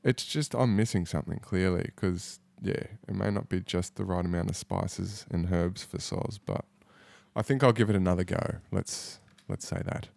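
A man's voice: low-pitched, moderate pace, vocal fry, a little mellow, no echo. A man hosting a casual podcast chat, laid-back and rambling with fillers. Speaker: podcast host.

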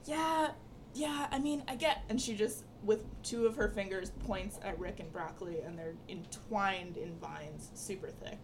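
Woman player, matter-of-fact, mid pitch, faint hiss. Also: measured pace. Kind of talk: casual tabletop role-play.

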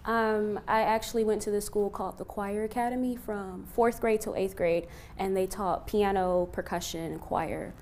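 Relaxed woman giving short interview answers. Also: medium pitch, moderate pace, few pauses, a little hiss or hum. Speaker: guest singer. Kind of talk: casual interview chat.

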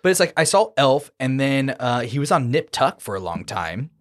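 A man of medium pitch whose voice rises and falls in a lively way. He co-hosts a relaxed movie chat, rambling, hesitant and full of fillers as he gathers his thoughts. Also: moderate pace. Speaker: podcast co-host.

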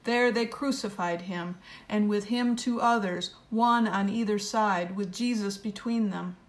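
A woman giving a measured, solemn liturgical reading of scripture at a service. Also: mid-range voice. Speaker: scripture reader.

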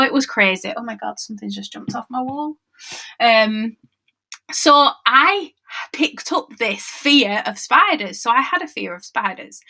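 A woman's voice: medium pitch, pushed and bright. A woman, hosting a casual solo podcast as a mindset coach, chatty and conversational and checking in with her listeners as she goes.

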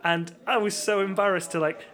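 A man's voice: high-pitched, steady tone, a little fast, fairly bright tone. A man co-hosting a podcast, telling rambling stories in casual chat and laughing often. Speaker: podcast co-host.

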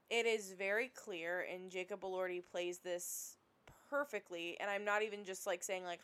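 A woman co-hosting a podcast, telling stories in a chatty, animated way full of "like". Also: mid-range voice, measured pace, hardly any pauses, clean tone. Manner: chatty and animated, many likes. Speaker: podcast co-host. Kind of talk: casual film discussion.

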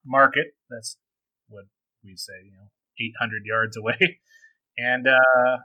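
A man's voice: medium pitch, steady tone, takes it slowly, pushed and bright, no room sound, lo-fi sound. A man co-hosting a podcast in casual chat, hesitant and full of ums and trailing asides. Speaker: podcast co-host.

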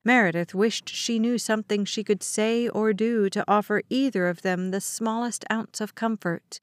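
A woman giving measured, expressive scripted narration of a thriller audiobook. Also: medium pitch, dry recording.

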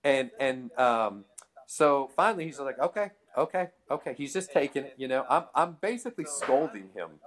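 A man's voice: medium pitch, moderate pace. Laughing man telling a story. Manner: animated, laughs often, acts out quotes. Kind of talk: casual storytelling chat.

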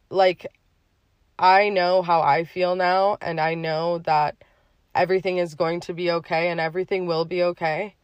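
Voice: medium pitch, clean tone, dry recording. A podcast host speaking in a heartfelt, emotional personal monologue, with many fillers along the way.

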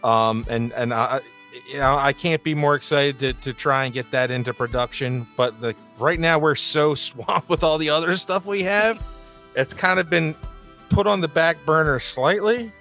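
Casting note: upbeat male co-host, slightly higher pitch, laughs easily, faint music underneath. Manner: excited, quick to laugh. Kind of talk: casual chat.

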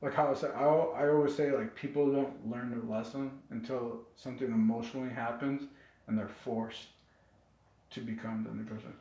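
A man's voice: mid-range voice, steady tone, moderate pace, dark tone. Young man rambling through a story, echoey. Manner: earnest, rambling storytelling with many "like"s. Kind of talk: casual chat. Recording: echoey room, dull lo-fi sound.

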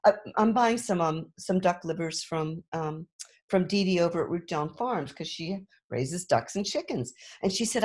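A middle-aged woman, a restaurant owner guesting on a podcast, talking earnestly and emotionally in quick bursts. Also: lowish voice, animated, darkish tone. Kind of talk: podcast interview.

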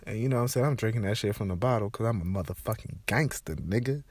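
A man's voice: lowish voice, quick pace, husky, dry recording. A young man with a congested, stuffed-up voice, telling loose, profane stories in a casual rant. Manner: loose, profane, animated storytelling.

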